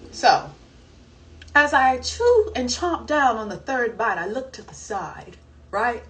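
Animated young woman telling a story on a live stream. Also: a little high, slow pace. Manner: animated, slangy and profane, with exclamations. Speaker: live-stream host answering viewer questions. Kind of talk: casual storytelling chat. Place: home, streaming live while eating. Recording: voice a bit distant from the mic, faint background noise.

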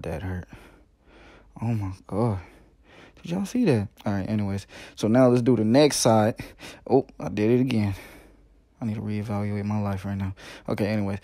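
A man's voice: medium pitch, mellow, no room sound, clean studio sound. A man doing a comedic parody voiceover of a makeup video, playful and slangy, with joking asides.

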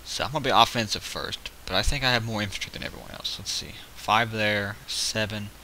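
A man's voice: lowish voice, brisk, sharp tone, poor audio. A man casually commenting on a strategy game he is playing, rambling and counting units aloud as he goes. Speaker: gameplay video host. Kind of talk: casual let's-play commentary. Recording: faint hiss behind.

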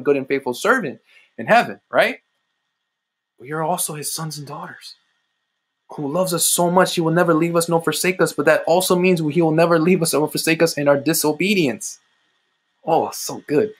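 A man's voice: on the high side, slightly rough. A man preaching an impassioned sermon, often repeating phrases and calling his listeners "guys".

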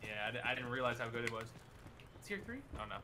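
A man playing as a teammate, chatting casually with lots of fillers and quick exclamations. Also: medium pitch, animated, pushed and bright. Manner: rambling, filler-heavy, reacts with quick exclamations. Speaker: teammate in the match. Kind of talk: casual gameplay chat. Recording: game sounds clearly behind voice.

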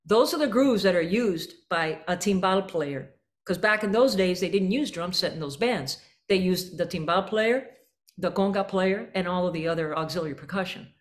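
A woman's voice: fairly low pitch, expressive, normal speed. Woman coaching a band with imagery. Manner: demonstrative, sings out syllables and rhythm phrases; uses vivid imagery to coach players. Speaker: jazz clinician. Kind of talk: rehearsal clinic instruction.

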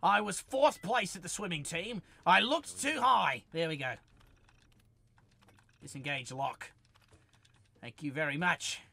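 Excitable streamer yelling battle cries. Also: male voice, fairly high pitch, measured pace, vocal fry, pauses often, husky. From Australia. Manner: excitable, yells taunts and battle cries at enemies. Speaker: game streamer. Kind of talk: let's-play gaming commentary.

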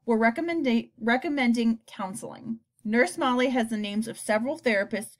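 A gentle male school official with a measured, soothing way of speaking. He tries to calm the room, voiced by a woman reading aloud. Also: fairly high pitch, pitched above the performer's own voice, lightly acted.

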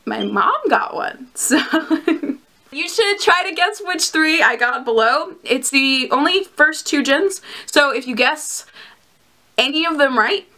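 A bubbly young woman talks casually to her camera, giggling often as she chats. Her voice sits a little high and has a bright, forceful edge. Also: animated, unhurried. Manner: giggly and bubbly, with frequent laughs and fillers. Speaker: vlogger reviewing plush collectibles.

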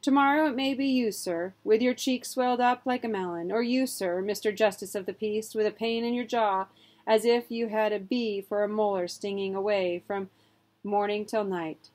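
A dignified gentleman butler who argues like a lawyer, formal and measured in his phrasing. A woman reads him aloud from a storybook. His voice stays at a middling pitch. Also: steady tone, close to an everyday voice. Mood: orating. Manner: formal, persuasive oratory. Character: proper, dignified English butler turned gold seeker, eloquent.

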